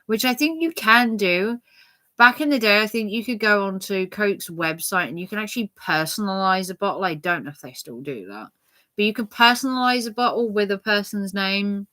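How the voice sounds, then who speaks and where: A woman's voice: medium pitch, animated, normal speed, bright, forceful tone. A middle-aged woman chatting casually to her viewers, rambling with lots of fillers and restarts. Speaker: channel host.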